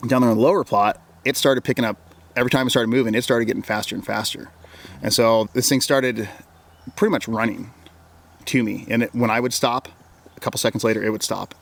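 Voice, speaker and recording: Speaking fast with vocal fry, this man has a mid-range, slightly bright voice and fairly even intonation. He's an Oregon wilderness guide casually recounting an encounter as an interview guest. His long story rambles, repeats words, and quotes himself with "I'm like."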